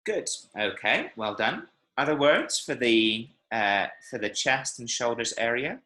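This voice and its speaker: With a medium-pitched, expressive voice that is bright and forceful, a man unhurriedly leads a Spanish class online. He's encouraging and demonstrates pronunciation with spoken examples; the video call audio has room echo.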